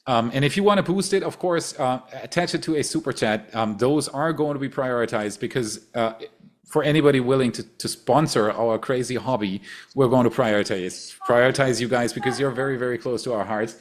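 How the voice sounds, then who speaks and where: A man from Germany's Rhineland, a native German speaker with a German accent, hosting a livestream in casual chat. He talks fast and excitedly, often repeating words. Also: mid-range voice. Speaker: livestream host.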